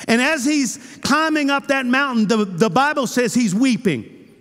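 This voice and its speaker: A male pastor preaching a sermon with passion, moving between loud cries and hushed, intimate lines. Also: very high voice, a little slow. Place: church sanctuary. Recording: church hall with long reverb.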